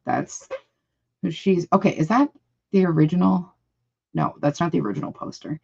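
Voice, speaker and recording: A woman's voice: lowish voice, normal speed, vocal fry, warm tone, breathy edge, lo-fi sound. A woman hosting a live reaction stream, reading comments aloud and reacting in a blunt, indignant way with plenty of swearing. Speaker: livestream reaction host.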